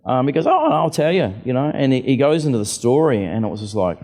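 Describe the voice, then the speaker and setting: A man's voice: mid-range voice, expressive, fast talker, a little mellow. A man telling stories casually on stage as an author at a book festival, acting out the voices of people he met. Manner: chatty, acts out quoted voices. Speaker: author and aviator, festival guest. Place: festival venue hall. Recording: reverberant hall.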